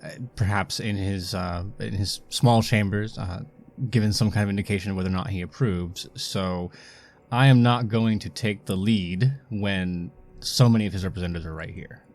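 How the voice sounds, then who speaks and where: A man's voice: deep voice, steady tone, moderate pace, a little mellow. A man playing a tabletop roleplaying game who talks hesitantly, with many fillers. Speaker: player.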